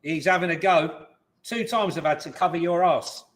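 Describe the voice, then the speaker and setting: A man co-hosting a football watch-along, loudly heckling and swearing at the game. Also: a little high, normal speed. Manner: loud, swearing fan heckling the screen.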